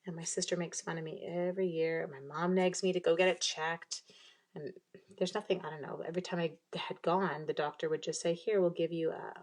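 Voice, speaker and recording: On a casual live craft stream, a young woman from Canada talks fairly quickly in a level tone, her voice pitched fairly low. She shows how to make cards, wanders from topic to topic, reads out viewer comments, and keeps coughing in bouts.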